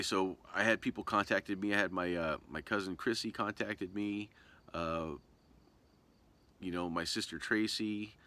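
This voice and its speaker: A man's voice: low-pitched, pushed and bright. A man from Southern Oregon telling a personal story to camera in a casual, rambling way, full of fillers and restarts. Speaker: vlogger.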